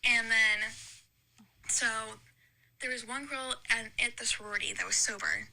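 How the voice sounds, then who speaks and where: A woman's voice: on the high side, normal speed, bright, forceful tone, poor audio. A young woman telling a long, rambling story in casual chat, with lots of "like" and restarts. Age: young adult. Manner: chatty, rambling story with many likes. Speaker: podcast guest.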